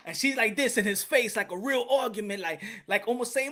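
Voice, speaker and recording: A man's voice: very high voice, fairly quick, few pauses, bright, forceful tone. A man hosting a podcast, telling a funny story in a casual, profane way and laughing often. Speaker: podcast host.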